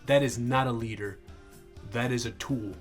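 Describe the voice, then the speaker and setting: Angry, cursing army vet. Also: male voice, mid-range voice, normal speed, soft background music. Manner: angry, profane, acts out quoted dialogue. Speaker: army veteran vlogger. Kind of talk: casual storytelling.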